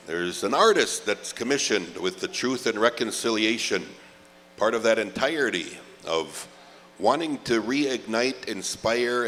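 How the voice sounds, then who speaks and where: Here a middle-aged man announces a live powwow in a lowish, fairly bright voice, with a bit of noise in the background. He's playful and talkative, elongating the names he calls, and everything reverberates through the arena PA.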